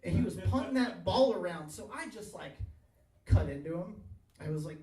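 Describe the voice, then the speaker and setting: High-voiced man doing crude stand-up. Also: lively intonation, normal speed, mellow, far from the mic. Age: 30s. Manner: laughs at his own jokes, crude and rambling. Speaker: stand-up comedian. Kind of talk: stand-up comedy set. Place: bar stage, live audience. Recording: echoey bar recorded from afar.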